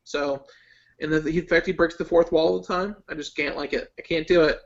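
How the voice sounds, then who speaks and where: A man's voice: fairly high pitch, fairly even intonation, fairly quick, gravelly. A man in casual chat as a guest, opinionated and rambling, with lots of ums and likes. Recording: lo-fi online call audio.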